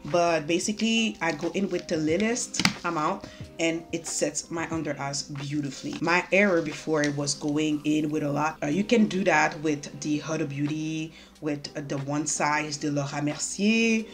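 A young woman chats her way through a makeup tutorial, teasing herself as she goes. Her voice sits a little low, and faint music plays underneath. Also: moderate pace. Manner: chatty, self-mocking, talks while doing makeup. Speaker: beauty vlogger. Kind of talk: casual chatty makeup tutorial. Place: home room.

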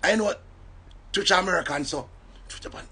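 A man from Jamaica with a Jamaican accent, telling an animated story in casual patois. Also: high-pitched, normal speed, husky. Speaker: entertainer.

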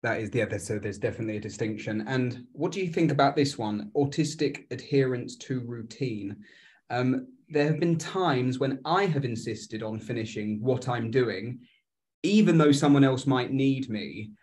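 A man interviewing a guest, speaking softly and phrasing his thoughts tentatively. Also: mid-range voice, animated, moderate pace. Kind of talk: conversational interview.

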